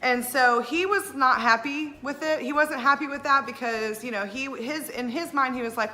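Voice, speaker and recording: A woman, a wedding planner telling stories in a casual, animated way, often laughing and acting out what others said. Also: sits high, moderate pace, few pauses. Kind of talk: casual storytelling.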